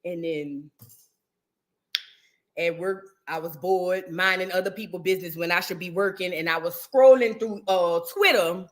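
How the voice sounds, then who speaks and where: A woman chatting casually about celebrity gossip as host of her channel, sassy and animated, sometimes breaking into sung bits. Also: on the low side, moderate pace.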